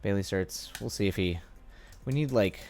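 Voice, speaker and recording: A man on a live stream, musing and thinking aloud with rambling asides as he works through a script. His voice is deep and sits low. It carries a steady gravelly fry. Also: moderate pace, a little hiss or hum. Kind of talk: casual live-stream writing session.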